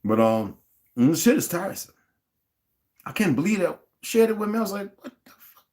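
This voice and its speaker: A man's voice: sits high, big pitch swings, fairly quick, a little mellow. A man hosting a livestream, ranting in a heated, profane way and greeting viewers from the chat. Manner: greets viewers and reads their chat comments aloud. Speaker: livestream host. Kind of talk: unscripted livestream rant.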